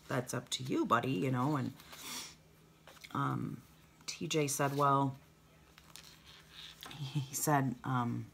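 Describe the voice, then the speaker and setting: Older woman vlogger, low gravelly voice, slow rambling chat, faint hiss behind. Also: pushed and bright. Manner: rambling, heartfelt, trails off into asides. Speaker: planner vlogger. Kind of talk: chatty planner vlog.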